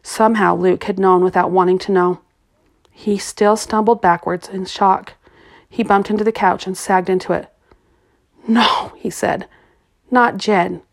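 A woman narrating a novel in a steady, even storytelling voice. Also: medium pitch, normal speed. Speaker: audiobook narrator. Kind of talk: scripted narration.

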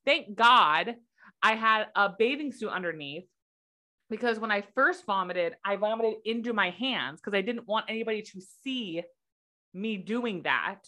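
A young woman from the United States co-hosting a casual podcast, telling stories with lively acted-out quotes. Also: medium pitch, measured pace. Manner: animated storytelling, acts out quotes. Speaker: podcast co-host. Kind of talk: casual chat.

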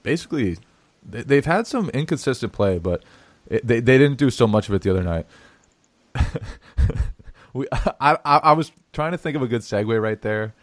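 A man's voice: medium pitch, animated, normal speed, pauses often, dry recording. Laughing man hosting a sports podcast. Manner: laughing, stumbling restarts. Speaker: podcast host. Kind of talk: casual sports podcast chat.

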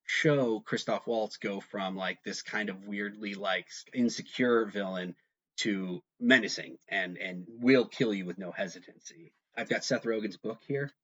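A man in casual chat, telling an animated story and peppering it with "like". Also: on the low side, unhurried, slightly rough. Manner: animated storyteller, heavy use of "like". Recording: slightly dull lo-fi sound.

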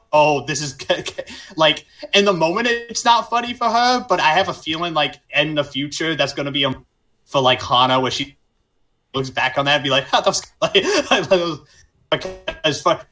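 Male podcast host, bright and slightly high, animated, laughs a lot. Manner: animated, laughs often, swears. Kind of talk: casual podcast chat.

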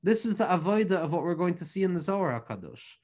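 A man's voice: high-pitched, very animated, quick pace, darkish tone. Fervent male Torah teacher, rhythmic lists. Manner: rhythmic, repeating phrases in building lists. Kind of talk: impassioned Torah lecture.

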